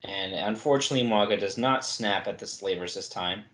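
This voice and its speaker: A man's voice: lowish voice, fairly quick, a bit bright, echoey room. A man co-hosting a casual book podcast, recapping chapter events with wry asides. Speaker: podcast co-host.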